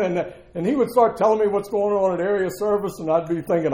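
A middle-aged man with a drawl speaks candidly and plainly, his voice sitting a little high for a man. He talks with earthy, conversational ease before a live audience. The sound is roomy, with echo from the hall around him. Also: brisk, dark tone. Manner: candid, conversational, earthy, laughs through the story. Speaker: speaker sharing his story at a recovery meeting. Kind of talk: personal testimony to a live audience.

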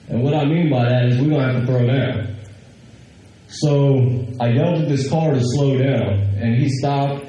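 Guy telling a story, laughing, quoting folks, mellow voice, super echoey room. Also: mid-range voice. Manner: animated, quoting others, laughing. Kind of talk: casual storytelling.

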